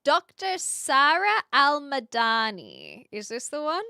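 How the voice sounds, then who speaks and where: High bright young woman streamer. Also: wildly swooping pitch, slow pace, no echo, studio quality. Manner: chatty, rambling, many fillers and restarts; reads chat and reacts aloud. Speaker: livestreamer. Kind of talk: casual stream chat.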